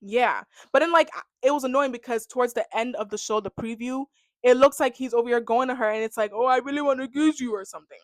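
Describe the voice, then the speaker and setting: A woman's voice: on the high side, fast talker, dry recording. Chatty young woman, dry sound. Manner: chatty, heavy on "like", animated reactions. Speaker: reality TV recap vlogger. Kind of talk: casual rant to camera.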